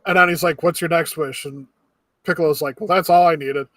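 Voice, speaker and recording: A young man with a fairly high voice recounts a movie plot in relaxed podcast chat, leaning on fillers. His voice sounds dry and close, with no room echo. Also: fairly quick. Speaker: podcast co-host. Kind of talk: casual movie review chat.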